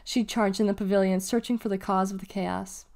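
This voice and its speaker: A woman's voice: medium pitch, steady tone, a little fast, a little mellow. Woman reading a children's novel aloud. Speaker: reader of children's books.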